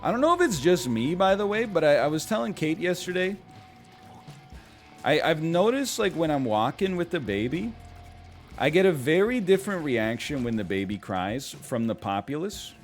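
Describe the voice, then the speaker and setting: A man's voice: on the high side, big pitch swings, moderate pace, faint music behind. A man in his thirties chatting casually on a live stream while gaming, rambling and self-mocking with a wry tone.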